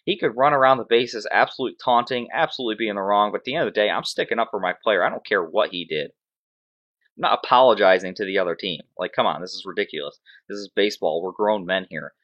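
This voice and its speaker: Sarcastic fantasy sports host guy ranting, lowish voice, kinda dull lo-fi audio. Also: fast, a bit bright. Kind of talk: casual sports commentary.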